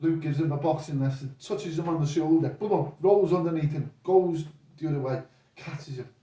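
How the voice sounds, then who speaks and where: With a fairly high voice at normal speed, an older man who's a boxing coach guest spins rambling tales, animatedly quoting and performing the voices of the people in them as he chats casually. The distant mic leaves him off-mic in an echoey room.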